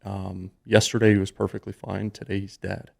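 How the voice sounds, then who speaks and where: A man's voice: low-pitched, monotone, normal speed, vocal fry. A man in his thirties, a podcast guest, earnestly telling a personal story with frequent fillers. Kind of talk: storytelling in a casual interview.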